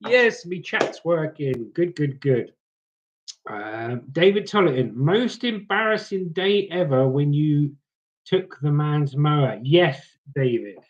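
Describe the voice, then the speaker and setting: A man's voice: fairly high pitch, animated, slow, muffled recording. A man, casually chatting and telling scrapping stories while reading comments on a live stream. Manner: chatty storyteller, slips into mock accents. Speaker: livestream host reading chat. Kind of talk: casual chat.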